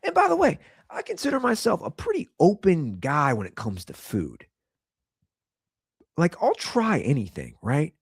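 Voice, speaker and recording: Animated, incredulous man ranting on his show. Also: a little slow, creaky, husky, no echo, clean studio sound. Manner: incredulous, repeats lines for comic emphasis; animated storyteller, swings between loud and low. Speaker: podcast host. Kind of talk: casual comedic rant.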